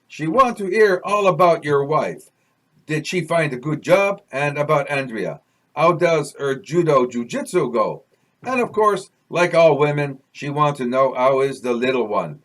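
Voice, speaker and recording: A man's voice: a little high, lively intonation, unhurried, a bit bright. A man putting on a jovial French-accented buddy. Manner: easygoing, teasing, broken English. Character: jovial stocky middle-aged man with a heavy French accent.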